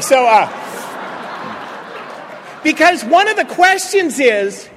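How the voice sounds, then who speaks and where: A middle-aged man telling a funny story at a recovery meeting, full of jokes and lively. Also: very high-pitched, slow, pauses often, a little hiss or hum. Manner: joking, animated storyteller. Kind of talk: humorous recovery talk to a live audience. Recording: echoey hall with faint crowd laughter.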